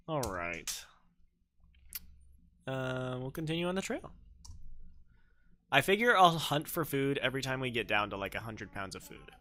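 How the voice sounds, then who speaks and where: A man's voice: mid-range voice, pushed and bright. A young man livestreaming a game, chatting playfully and telling jokey stories with silly voices. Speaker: streamer. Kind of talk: livestream gameplay chat.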